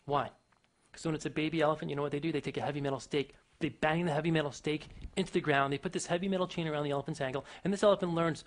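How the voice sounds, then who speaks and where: A man giving a motivational talk to an audience, emphatic and full of rhetorical questions, swinging his pitch and loudness. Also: steady tone, rapid-fire. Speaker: motivational speaker.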